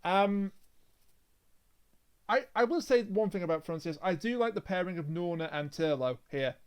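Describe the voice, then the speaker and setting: High-voiced man, halting recap. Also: lively intonation, clean tone. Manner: hesitant, many ums and restarts while recapping. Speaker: podcast co-host. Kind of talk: casual podcast chat.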